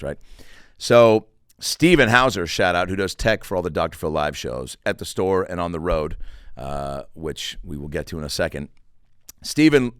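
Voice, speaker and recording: Lively low-voiced male podcast host. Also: clean tone, dry recording. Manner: animated, acts out quoted voices, swears. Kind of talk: casual storytelling monologue. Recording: dry studio with faint music.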